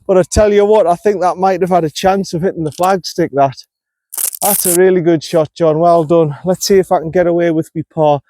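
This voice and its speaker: Frustrated golfer outdoors. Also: male voice, high-pitched, steady tone, a little fast, dark tone, slight background noise. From North East England. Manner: frustrated, self-critical, talks himself through shots. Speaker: golf vlogger. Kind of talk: on-course golf commentary. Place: outdoors on a golf course.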